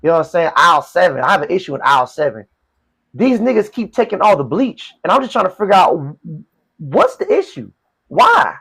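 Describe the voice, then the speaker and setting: A man's voice: high voice, very animated, fairly quick, creaky, a bit bright, husky. A man hosting a live discussion, blunt and mocking, repeating phrases as he presses his point. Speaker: live stream host.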